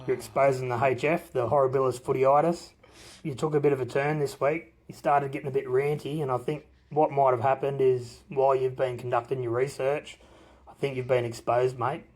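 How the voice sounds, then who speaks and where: A man's voice: mid-range voice, flat delivery, a little fast, a little mellow. A man in a recorded voice message to a podcast, cheekily roasting the hosts. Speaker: listener sending a voice message.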